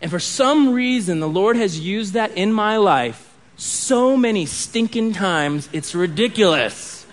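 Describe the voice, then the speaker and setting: A man's voice: high voice, animated, slow, few pauses. A man in his thirties preaching a sermon in a conversational way, with restarts and asides. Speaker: pastor.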